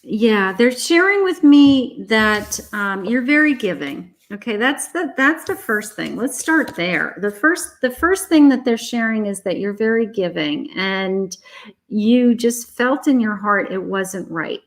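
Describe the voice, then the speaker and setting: A woman's voice: mid-range voice, animated, measured pace. A woman doing a live tarot reading, speaking soothingly and reassuringly straight to the viewer. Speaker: psychic tarot reader.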